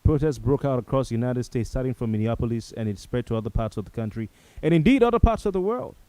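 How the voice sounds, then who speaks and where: A man's voice: medium pitch, animated, fast, mellow, no room sound, poor audio. Grave male talk show host. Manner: grave, repeats phrases for emphasis, addresses viewers directly. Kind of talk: solemn talk show monologue.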